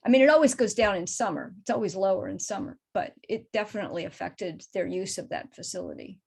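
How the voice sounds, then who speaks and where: A woman's voice: mid-range voice, quick pace, gravelly, breathy edge. A middle-aged woman, a crow researcher, answering audience questions after her talk over a video call in a thoughtful, explanatory way. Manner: thoughtful, explanatory, careful not to oversimplify. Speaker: crow researcher and guest speaker.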